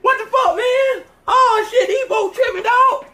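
A man voicing a panicked young soldier who shouts and curses in confusion. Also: very high voice, unhurried, pitched above the performer's own voice, full character voice. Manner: shouting, frantic, cursing.

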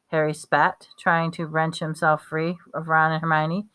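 A woman's voice: sits low, little pitch movement, measured pace, fairly bright tone. A woman reading a novel aloud, now and then stumbling and correcting her words. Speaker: reader.

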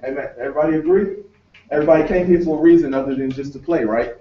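A pastor and conference host, this man has a slightly high voice and talks rapid-fire over faint background noise. He leads prayer and rallies the crowd, calling out to them as he introduces a guest speaker in a conference room set up as a sanctuary. The sound is echoey, distant, and dull.

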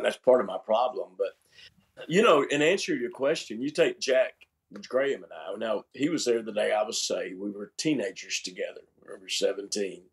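Animated older man, pastor. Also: lowish voice, creaky. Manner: animated, emphatic storyteller who repeats words. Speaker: pastor and seminary chancellor. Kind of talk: conversational interview.

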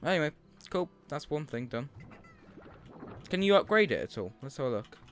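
A man's voice: fairly high pitch, very animated, normal speed, a bit bright. A young man in a chatty, upbeat mood, commenting on a game as he plays and swearing freely. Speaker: streamer and host. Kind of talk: casual gameplay commentary. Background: faint game music.

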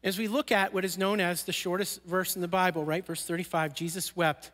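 A man preaching from the pulpit of a church, his voice sitting notably high for a man. He speaks earnestly and sinks into quiet, slowed lines when he wants a point to land. The sound rings out with a long hall reverb. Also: fairly even intonation. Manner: earnest, drops soft and slow for emphasis. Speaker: pastor. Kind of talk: sermon. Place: church sanctuary.

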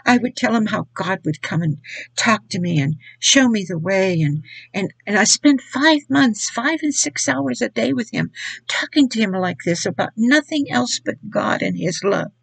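Gravelly, husky older woman testifying. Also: medium pitch, expressive, moderate pace, no echo, poor audio. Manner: earnest, repetitive storytelling. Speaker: Christian speaker. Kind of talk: personal testimony.

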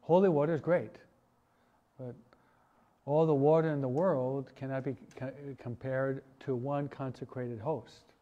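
A man, a priest, teaching a parish catechesis class in a relaxed, conversational way, asking his listeners questions. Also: mid-range voice, unhurried, muffled recording. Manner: conversational, asks the audience questions, many restarts and asides. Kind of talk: informal parish teaching talk.

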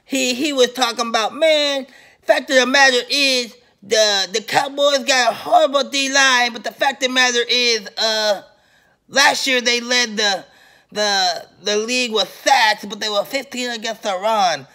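A man's voice: extremely high pitch, fairly even intonation, unhurried, bright, forceful tone, voice pushed up, heavily acted. A man doing a mocking impression of a fumbling male sports vlogger who stumbles and repeats his words.

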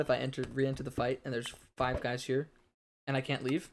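A man's voice: mid-range voice, level tone, a little fast. A man hosting a game let's play at home late at night, exasperated and muttering to himself as he plays. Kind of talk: gaming commentary. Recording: noisy recording with keyboard clicks.

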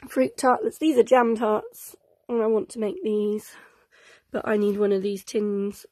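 A woman's voice: medium pitch, steady tone, unhurried, dark tone, no room sound. A woman reading an old cookbook aloud to children in a cosy, chatty, sing-song way, sounding sleepy and yawning. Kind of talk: gentle read-aloud for children.

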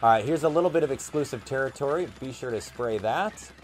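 A young man giving casual gameplay commentary, chatty and excitable, thinking aloud with plenty of fillers. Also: medium pitch, quick pace, faint music behind. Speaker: gaming YouTuber.

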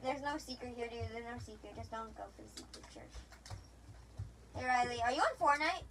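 A woman's voice: fairly high pitch, very animated, fairly quick, fairly bright tone, slight background noise, rough recording. A young woman chatting casually with a friend while gaming, rambling with many restarts and playful teasing. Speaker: gamer.

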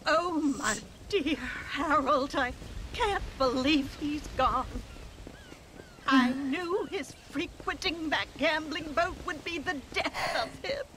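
An actress playing a mournful, genteel widow in an old West game. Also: female voice, high voice, takes it slowly. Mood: grieving. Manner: mournful, genteel and self-pitying. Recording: game audio under loud noise.

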